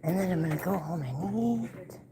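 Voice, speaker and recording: A woman's voice: mid-range voice, lively intonation, a little slow, a crowd in the background. An older woman walking outdoors at sunset, chatting in a rambling way to live-stream viewers through her handheld phone. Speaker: livestream host. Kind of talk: casual live-stream chat. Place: outdoors on an evening walk. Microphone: phone held in hand.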